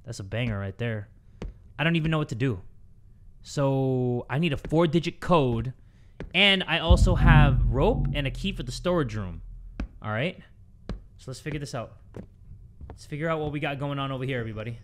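A man's voice: medium pitch, normal speed, long pauses, a little hiss or hum. A young man commentating a horror game from home, jumpy and swearing often, talking to his viewers. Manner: jumpy, swears a lot, shrieks when startled; talks to viewers while playing. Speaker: gaming YouTuber.

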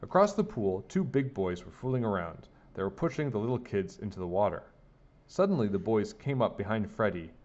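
A man reading a children's picture book aloud in a lively, sing-song way. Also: fairly low pitch, fairly quick. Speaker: storybook reader. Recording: dull lo-fi recording.

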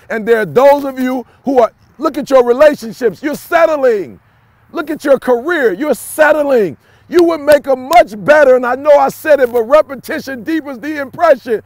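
A young adult man giving a preachy, repetitive motivational talk to camera, swinging from shouts to low confiding tones. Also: no room sound. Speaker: motivational speaker.

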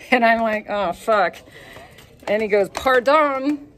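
A woman's voice: medium pitch, fairly even intonation, takes it slowly, a little hiss or hum. A woman tour guide talking in a candid vlog monologue, laughing often and swearing freely. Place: outdoors on a hillside lookout.

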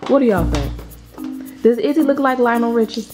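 A woman and mother of twins chatting casually in a family vlog at home, playful and quick to laugh, teasing her kids in baby talk. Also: fairly high pitch, lively intonation, over music.

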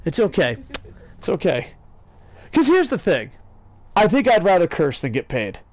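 A man with a voice on the high side hosts a casual gaming video at normal speed, with no room sound. Excitable, he rambles through jokes, sarcastic rants and cursing while chatting to a friend off-mic.

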